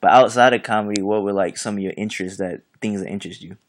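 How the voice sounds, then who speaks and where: A man's voice: lowish voice, fast talker. A man from Florida hosting a casual interview, eager and chatty, asking long rambling questions. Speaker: host.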